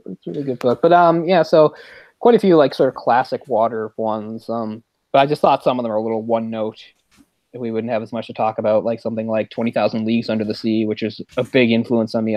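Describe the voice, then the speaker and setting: A man's voice: fairly low pitch, no echo, highs cut off. Rambling, dry-sounding male podcast host. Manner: rambling, animated, quick laughs. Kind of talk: casual movie chat.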